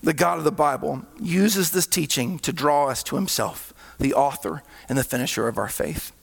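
A male pastor preaching a sermon, with sudden swells in volume and hushed, slowed drops. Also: a little high, vocal fry, slightly rough. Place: church hall. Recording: reverberant hall.

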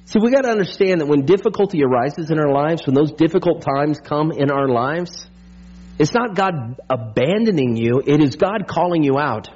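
High-voiced man preaching a lively sermon. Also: normal speed, breathy edge. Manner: energetic and conversational, with frequent "right?" asides; playful humor and pop-culture jokes. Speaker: pastor. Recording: dull lo-fi sermon recording.

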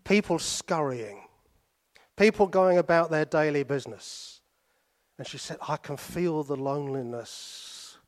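British man preaching with a storyteller's pauses. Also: fairly high pitch. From Britain. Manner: storytelling, with pauses and sudden drops to soft asides. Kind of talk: sermon.

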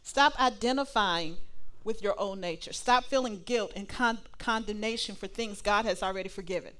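A woman preaching a sermon to a live congregation, animated and playful, acting out little dialogues. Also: medium pitch, moderate pace. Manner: animated, laughing asides, acts out dialogue.

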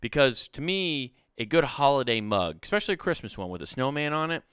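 A man's voice: medium pitch, very animated, brisk, a bit bright, smooth, no echo, clean studio sound. A man in his thirties hosting a solo podcast, rambling and profane, mocking himself and laughing often. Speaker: podcast host. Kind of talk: casual solo podcast rant.

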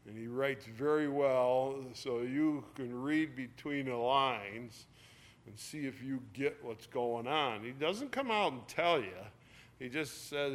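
A man's voice: medium pitch, a little slow. A man teaching a Bible study, explaining a passage in a casual, chatty way with an occasional laugh. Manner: casual explaining, reading scripture aloud with force.

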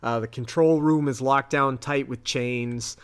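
A man, a podcast host casually retelling a TV episode, chatty with quick acted-out quotes. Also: mid-range voice, fairly even intonation, smooth.

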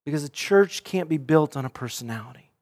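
A man's voice: on the high side, animated, a little fast, darkish tone. A male pastor preaching a sermon, earnest and direct, often repeating words and restarting as he speaks.

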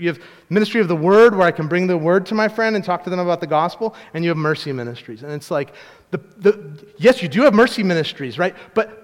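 High-voiced pastor preaching in a reverberant hall. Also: male voice. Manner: conversational preaching with family anecdotes, frequent restarts. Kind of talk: sermon.

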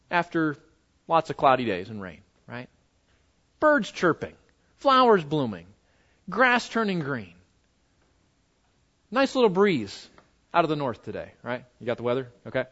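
A man delivers a sermon in a rather high voice, hammering points home by repeating words and throwing questions at his listeners. The recording sounds a little dull and lo-fi. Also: a bit bright. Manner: emphatic, repeats words for stress, asks the audience questions. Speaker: pastor.

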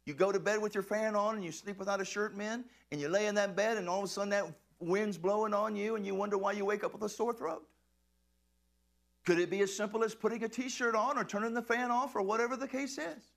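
A man preaching a sermon, animated and playful, swinging into shouts and laughs as he tells the story. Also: high voice, fast, creaky. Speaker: pastor.

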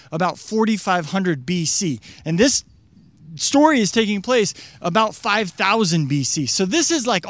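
Recorded dry, a high-pitched young pastor preaches in a laid-back, conversational style. He chats along with many fillers and acts out the quotes in character voices.

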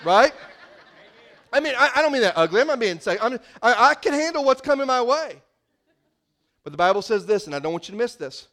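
A man preaching a sermon to his congregation in a church, telling a scripture story with lively, acted-out dialogue. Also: very high-pitched, fairly quick, long pauses. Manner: animated storytelling, acting out scripture scenes. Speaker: pastor. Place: church sanctuary.

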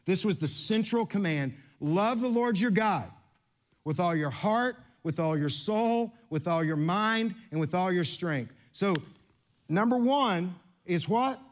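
A man pastor preaching a lively, interactive sermon and playing with his congregation in a church. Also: high-pitched, measured pace. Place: church sanctuary.

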